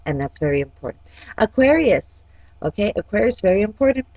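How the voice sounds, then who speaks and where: A woman's voice: medium pitch, sing-song, fairly quick, darkish tone, dry recording, lo-fi sound. A woman giving a casual, chatty horoscope forecast. She often checks in with "okay?" and talks directly to each sign. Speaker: astrology forecaster and life coach.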